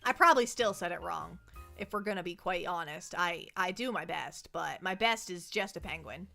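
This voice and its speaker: A woman's voice: on the low side, moderate pace, gravelly, sharp tone, faint music behind. A young woman chatting casually on a livestream, rambling and self-deprecating, often tripping over and repeating her words into a close desk mic. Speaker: VTuber streamer.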